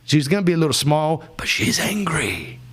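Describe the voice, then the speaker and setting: A man's voice: a little high, fairly quick, slightly rough. Slangy Australian man telling stories. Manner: animated, slangy, says "bro" often, acts out quotes. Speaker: podcast host. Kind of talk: casual storytelling chat.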